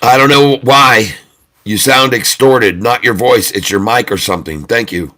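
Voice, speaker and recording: Loud, excitable male trading streamer. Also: medium pitch, a little slow. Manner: loud, excitable, repeats himself for emphasis. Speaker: day-trading livestream host. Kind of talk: live trading stream chat.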